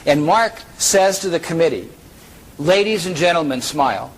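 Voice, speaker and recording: A man with a slightly high, slightly rough voice gives a lively conference keynote at normal speed, heard through a rough recording. He jokes around and pulls audience members on stage to act out a story.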